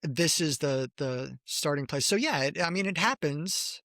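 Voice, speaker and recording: A man co-hosting a podcast as a designer, speaking in a measured, thoughtful, slightly hesitant way. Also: a little high, expressive, bright, forceful tone, no echo, clean studio sound. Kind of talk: casual chat.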